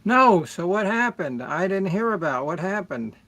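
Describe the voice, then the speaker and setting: A middle-aged man hosting a music livestream, chatting slowly and rambling as he greets viewers by name. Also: high-pitched, very animated, fairly bright tone. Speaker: livestream music show host. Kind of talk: casual livestream chat with viewers.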